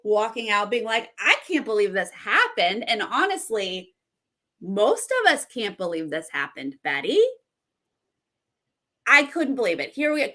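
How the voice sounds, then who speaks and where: A young woman hosting a casual reality TV recap, reacting with excitement and reading viewer comments aloud. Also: on the high side.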